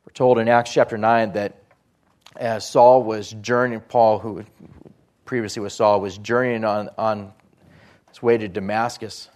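A man preaching a sermon, reading scripture aloud and explaining it earnestly, rising for emphasis and dropping low at phrase ends. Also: little pitch movement, unhurried, darkish tone. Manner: rises in pitch and volume for emphasis, drops low at phrase ends.

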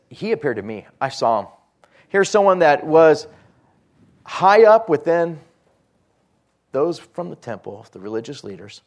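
A man preaching a sermon, reading scripture aloud and explaining it earnestly, rising for emphasis and dropping low at phrase ends. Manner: rises in pitch and volume for emphasis, drops low at phrase ends.

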